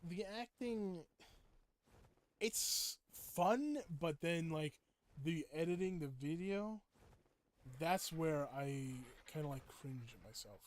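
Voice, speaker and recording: A man chatting casually with viewers while playing a game, rambling and breaking into excited outbursts. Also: a little high, slight background noise. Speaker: game streamer. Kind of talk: casual gameplay chat with viewers.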